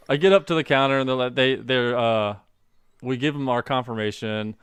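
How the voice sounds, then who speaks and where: A young adult man co-hosting a casual podcast, telling an animated story and acting out the people in it. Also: medium pitch, moderate pace, smooth, dry recording. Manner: animated storyteller, acts out quoted voices. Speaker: podcast co-host.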